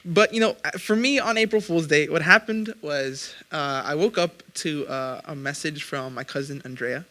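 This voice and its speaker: A man's voice: a little high, normal speed, bright, forceful tone. A young man co-hosting a podcast, chatting casually and telling stories with easy laughter. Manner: chatty, storytelling, laughs easily. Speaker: podcast co-host. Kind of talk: casual chat.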